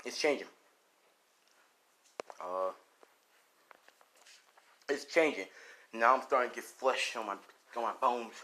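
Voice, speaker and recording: A man improvising a fan-fiction action story, animated and profane, full of sound effects. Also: medium pitch, slow, pauses often, slight background noise.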